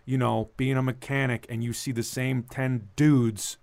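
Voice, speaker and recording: A man's voice: mid-range voice, flat delivery, measured pace, vocal fry, darkish tone, no echo. A man, a comedian, chatting casually on a podcast in a rambling, profane, emphatic way. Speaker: comedian guest.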